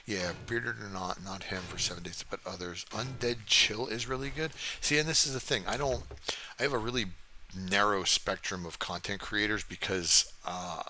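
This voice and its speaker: An older man runs a gaming livestream from his home desk, rambling casually, cursing freely, and answering chat as he plays. His voice is lowish, pushed and bright with fairly even intonation, at a moderate pace over slight background noise.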